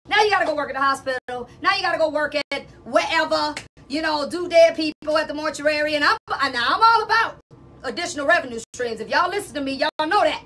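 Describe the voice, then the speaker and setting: A woman's voice: high-pitched, bright, forceful tone, slight background noise. A woman, speaking as a salon business coach in a casual, emphatic talk that repeats itself and calls listeners y'all.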